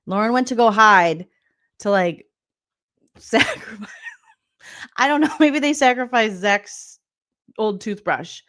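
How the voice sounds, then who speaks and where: A woman's voice: a little high, expressive, takes it slowly, pauses often. Profane, laughing woman comedy recapper. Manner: loud, profane, laughing and incredulous. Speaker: comedian and reality TV recap host. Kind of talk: comedic reaction rant.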